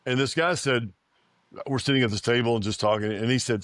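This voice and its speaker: A man's voice: medium pitch, steady tone, brisk, a bit bright, no echo. A man in his fifties, an oil and gas company founder, giving an interview and telling a story, repeating phrases and acting out quoted dialogue.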